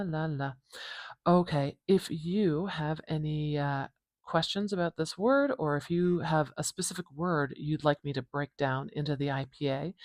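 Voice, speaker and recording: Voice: mid-range voice, no room sound, studio quality. A phonetics teacher walking through a transcription, thinking aloud in a playful way and correcting themselves as they go. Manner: muses aloud, self-correcting, playful asides.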